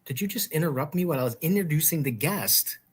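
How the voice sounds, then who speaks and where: A man's voice: fairly high pitch, expressive, fast, slight background noise. Joking man hosting. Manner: jokey, theatrical introductions. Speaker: co-host. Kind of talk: casual livestream banter.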